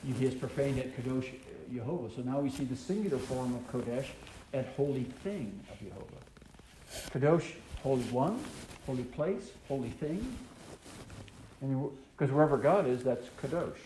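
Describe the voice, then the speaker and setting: A man's voice: mid-range voice, expressive, normal speed, warm tone. A man teaches a Torah portion, reading verses aloud and explaining them with frequent ums and uhs. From American South. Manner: reads scripture aloud then explains it, with many ums and uhs. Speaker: Bible teacher. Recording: echoey room with faint noise.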